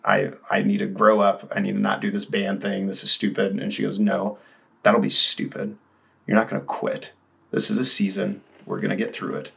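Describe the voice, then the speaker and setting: A man's voice: on the low side, completely flat delivery, moderate pace, gravelly, fairly bright tone. A man in his thirties, a musician guest, telling his story candidly in a casual interview, rambling with restarts.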